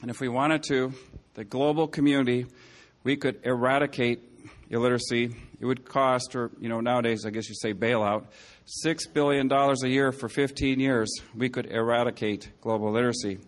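A man speaking to an audience in a meandering, storytelling way, often stopping to correct himself. His voice sits at an ordinary middle pitch. He slips in dry jokes and asides between his points. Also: steady tone, normal speed. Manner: rambling, frequent self-corrections and asides. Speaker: public speaker. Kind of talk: anecdotal speech to an audience.

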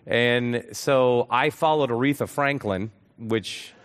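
A man's voice: mid-range voice, fairly bright tone, clean tone. Man telling a rambling comic story. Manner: fast comic storytelling with laughs. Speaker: comedian guest. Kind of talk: casual talk show anecdote.

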